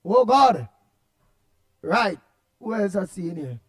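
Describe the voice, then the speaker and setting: Trinidadian male radio host, very high pitch, animated and rambling. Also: takes it slowly. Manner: animated, repetitive, laughs often, loud outbursts. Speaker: radio talk show host. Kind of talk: casual radio chat reading listener comments.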